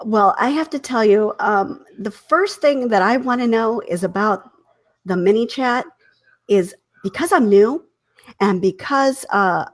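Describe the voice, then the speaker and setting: Eager woman asking a guest question. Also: mid-range voice. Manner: eager, asks questions, laughs often. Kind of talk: casual live-stream chat.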